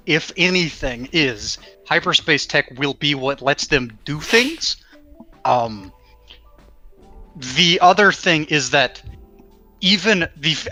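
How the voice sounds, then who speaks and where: A man with a bright, sharp voice, pitched a little high, rambles through a casual panel chat, stacking restarts and fillers. Soft music plays faintly behind him. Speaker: podcast host.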